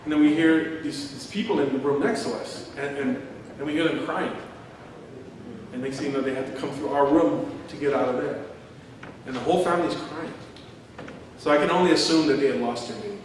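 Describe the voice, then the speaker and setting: Middle-aged pastor preaching in an echoey hall. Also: male voice, on the high side, fairly quick, distant mic, slight background noise. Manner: storytelling, acting out quotes, chuckling. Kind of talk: sermon. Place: large church hall.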